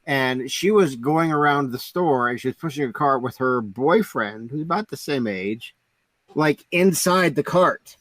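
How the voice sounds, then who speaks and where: This podcast co-host speaks at a medium pitch, unhurried and expressive, with a fairly bright tone and no room sound. In casual chat he rambles through stories, leaning heavily on "like" and other fillers.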